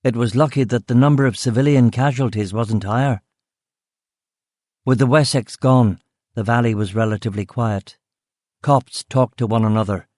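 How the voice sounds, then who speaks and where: A man narrating a crime novel in the first person, in a measured, understated way, close to the mic. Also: mid-range voice, a little mellow, dry recording. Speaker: audiobook narrator.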